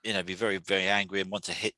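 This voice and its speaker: A man hosting a weekly talk series, explaining calmly in a halting way, often repeating words and restarting. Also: low-pitched, no room sound. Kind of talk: solo talk to camera.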